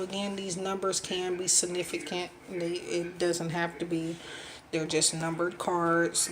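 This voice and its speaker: A woman giving a pick-a-card reading, unwell and short of breath, talking softly and haltingly with many pauses. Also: background noise. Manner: soft, low-voiced, halting with many ums. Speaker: tarot card reader.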